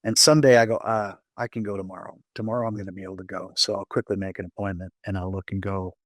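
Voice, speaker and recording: A man speaking as a podcast guest, sharing a personal testimony in an animated storytelling way, acting out his own inner thoughts and often restarting his sentences. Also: deep voice, fast talker, dry recording.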